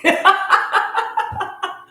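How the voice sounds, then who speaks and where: Her voice is very slow, pushed and bright. The middle-aged tarot reader runs an informal live session, blunt and talkative, swearing freely and laughing a lot, while the echoey room carries a faint hum.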